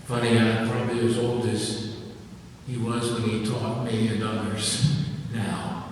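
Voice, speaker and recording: An older man preaching a lively, emotional sermon as pastor, swinging from loud to hushed. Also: mid-range voice, a little slow, a little hiss or hum. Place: church sanctuary. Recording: echoey church from far off.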